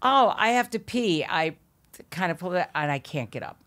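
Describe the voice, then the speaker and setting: A middle-aged woman telling an animated story as a podcast guest, laughing often, swearing and acting out quotes. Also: fairly low pitch, moderate pace.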